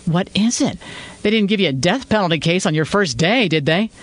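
Casting: unflappable veteran crime reporter husband, read by the narrator, slightly high voice, a little showy. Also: male voice, a little fast, dry recording. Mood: pleading. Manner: calm, a bit showy. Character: seasoned male crime reporter, calm husband. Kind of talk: storytelling dialogue.

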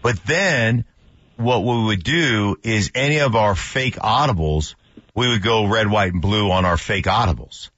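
Low-voiced co-host man, dry lo-fi sound. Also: measured pace, a bit bright, dry recording. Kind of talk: casual sports radio chat.

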